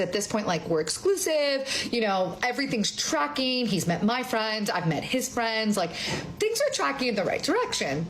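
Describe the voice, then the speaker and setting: Young woman rambling through a story, lots of "like", mid pitch, noisy background. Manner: chatty, heavy use of like, acts out quoted lines. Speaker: interviewee in a played clip. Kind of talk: casual storytelling. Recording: noticeable background noise.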